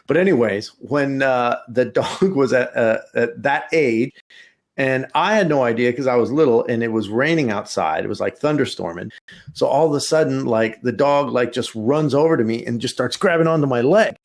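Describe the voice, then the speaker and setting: A man co-hosting a casual podcast, telling a long story with lots of swearing and sudden jumps into high acted voices. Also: normal speed. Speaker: podcast co-host.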